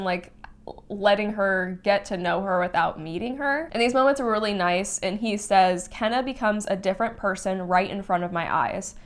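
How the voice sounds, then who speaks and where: A young woman giving a casual, emotional spoiler review of a novel, talking in a chatty way, often saying "like" and sighing or laughing. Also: medium pitch. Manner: chatty and emotional, heavy use of "like", sighs and laughs. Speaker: book reviewer.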